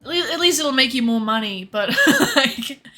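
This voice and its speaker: A woman's voice: high-pitched, expressive, moderate pace, sharp tone, faint music behind. A young woman streamer in casual livestream chat, rambling, laughing often and swearing casually.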